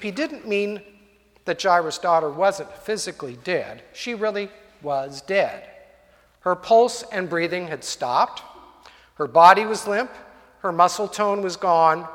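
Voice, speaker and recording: A man's voice: high-pitched, fairly bright tone. A male preacher telling a story in a sermon, vivid and dramatic, in a church hall. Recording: long hall reverb.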